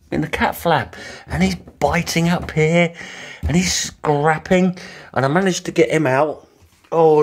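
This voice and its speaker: A man, casually telling a story to camera, speaking softly and getting animated when he retells the shouting. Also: mid-range voice. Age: 50s. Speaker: vlogger.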